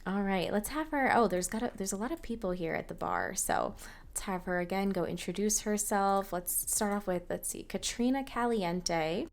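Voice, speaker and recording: A woman's voice: mid-range voice, lively intonation, normal speed, gravelly. A woman hosting a let's play, chatting casually as she narrates her game with fillers and small laughs. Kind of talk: casual gameplay commentary. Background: game music.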